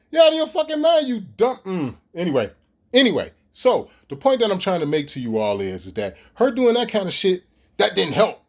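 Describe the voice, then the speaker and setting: A middle-aged man, ranting profanely and animatedly straight to his viewers in a casual vlog. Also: high-pitched. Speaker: vlogger. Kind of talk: casual ranting monologue to camera.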